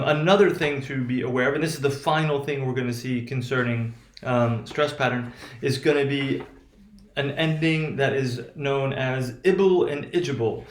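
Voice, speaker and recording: A man teaching a pronunciation lesson in a halting way, with many restarts and a repeated "right?" tag. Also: medium pitch, roomy sound. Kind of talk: recorded classroom lecture.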